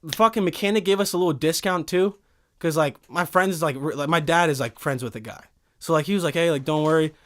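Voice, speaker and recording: A man in his twenties hosting a casual podcast chat from a studio, excitable and profane, forever saying dude. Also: on the high side, fast talker. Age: 20s. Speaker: podcast host. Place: recording studio.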